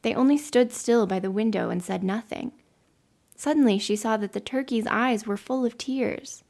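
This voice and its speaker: A woman podcast host reading an old story aloud in a measured storytelling way. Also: on the high side, a little mellow.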